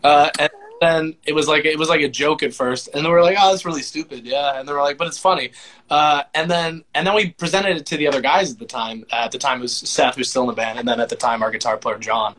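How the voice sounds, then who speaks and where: A man's voice: fairly high pitch, fast talker, fairly bright tone. Laid-back young-sounding man chatting. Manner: laid-back, self-deprecating, many "like" fillers. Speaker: voice actor and musician guest. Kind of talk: casual interview chat.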